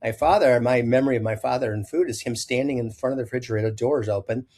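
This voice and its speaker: An older man, a chef from Illinois, talks at a middle pitch as an interview guest. He tells long, rambling anecdotes, often stopping to correct himself. He acts out quoted lines in livelier voices. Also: quick pace, darkish tone. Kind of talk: storytelling interview.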